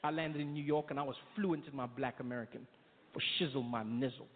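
A man with a South African accent doing stand-up comedy in animated storytelling, in tinny phone-like audio from an echoey hall. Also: mid-range voice, heavy background noise. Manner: animated storytelling, quick impressions.

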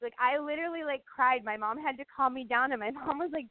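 Middle-aged lady telling emphatic set stories, kinda high voice, thin dry phone-ish sound. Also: fairly quick, dry recording. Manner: emphatic storyteller, many "you know what I mean". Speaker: guest actress. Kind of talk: casual podcast chat. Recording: tinny dry phone-like line.

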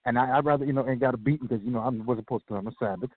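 A man's voice: medium pitch, racing, dry recording. A man in a casual sports podcast chat, telling stories in a rambling, repetitive way. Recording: phone-like line with faint hiss.

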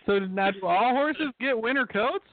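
High-voiced sarcastic man, phone-thin. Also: expressive, normal speed, no echo. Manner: wry, sarcastic, profane. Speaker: podcast co-host. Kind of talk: casual chat. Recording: tinny dry phone-like audio.

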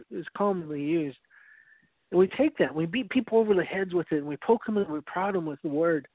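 A high-voiced man preaches earnestly, telling a story and often restarting his phrases. The sound is dry and narrow, like it came over a phone line. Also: no room sound. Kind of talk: evangelistic teaching talk.

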